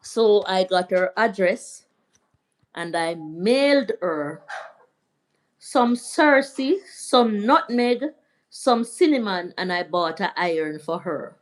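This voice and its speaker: A woman's voice: mid-range voice, animated, slow. A middle-aged Jamaican woman hosting a live stream, telling a family story and answering viewers' comments. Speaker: livestream host. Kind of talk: casual live chat and storytelling.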